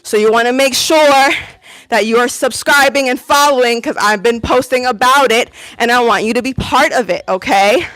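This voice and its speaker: A woman's voice: on the high side, normal speed, a bit bright. A woman fitness instructor coaching a live workout, upbeat and encouraging as she counts reps, a little out of breath. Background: workout music.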